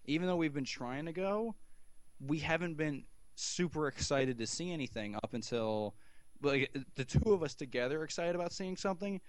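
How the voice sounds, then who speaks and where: A man's voice: fairly high pitch, lively intonation, normal speed, no echo. A man co-hosting a podcast in casual chat, rambling and swearing, with many restarts. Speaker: podcast co-host.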